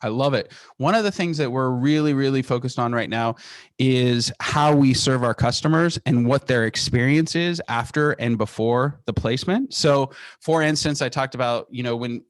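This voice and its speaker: Male founder type for interview, lively storyteller, natural mid pitch, very dry recording. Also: no room sound. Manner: energetic, animated storytelling with quick restarts. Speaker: guest, company founder. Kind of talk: podcast interview.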